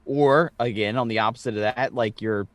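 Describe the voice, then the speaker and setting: A man's voice: mid-range voice, moderate pace, no room sound. A man co-hosting a podcast, telling a story in casual chat, swearing freely with stammered restarts. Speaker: podcast co-host.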